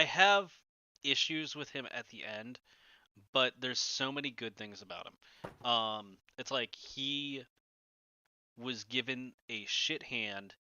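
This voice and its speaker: A man's voice: mid-range voice, sharp tone, clean tone, dry recording, highs cut off. A man co-hosting a podcast in casual chat, rambling with many fillers. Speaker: podcast co-host.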